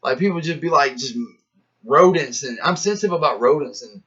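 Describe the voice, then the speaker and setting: A man's voice: fairly high pitch, fairly quick. Rambling, profane man on lo-fi audio. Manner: profane, slangy, animated, acts out inner voices. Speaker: rapper musing to camera. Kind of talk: rambling philosophical monologue. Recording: dull lo-fi sound.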